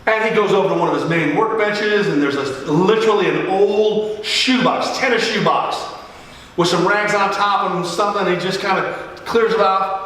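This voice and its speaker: A middle-aged man preaching a sermon as a joking, animated storyteller who acts out the dialogue. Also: high-pitched, moderate pace. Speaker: pastor. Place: large church hall. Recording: echoey church hall from a distance.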